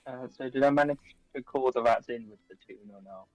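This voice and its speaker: A man's voice: mid-range voice, brisk, no echo, dull audio. A man chatting as a player in a tabletop role-playing game. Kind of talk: casual tabletop play.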